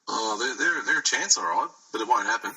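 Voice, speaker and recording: A man's voice: lowish voice, expressive, brisk, pushed and bright, husky, poor audio. A man co-hosting a sports podcast, joking in casual banter and laughing often. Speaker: podcast co-host. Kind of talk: casual chat.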